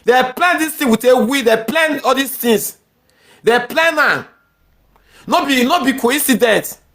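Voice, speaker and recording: A woman's voice: high-pitched, a bit bright. A woman with a Nigerian accent ranting angrily in heated social media commentary. She repeats herself often and mixes pidgin with English.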